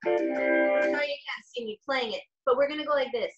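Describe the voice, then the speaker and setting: Guitar and keyboard fill a roomy home stream where a woman from Los Angeles runs a bilingual music lesson for children, alternating speech and song and coaxing them along brightly in English and Spanish. Her slightly high voice is animated and moderately paced, though it's picked up from a distance and sounds dull.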